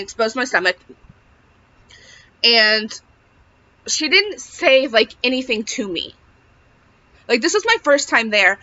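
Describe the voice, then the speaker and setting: A young woman telling a personal story to camera in a casual, chatty way, filling her talk with "like". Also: fairly high pitch. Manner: chatty, peppered with "like", animated retelling. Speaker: vlogger sharing a pregnancy update. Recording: dull lo-fi audio.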